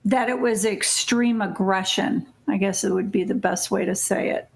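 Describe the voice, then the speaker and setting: A woman's voice: medium pitch, fairly even intonation, moderate pace, vocal fry. A woman co-hosting a casual podcast chat, talking hesitantly with many fillers and restarts. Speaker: podcast co-host.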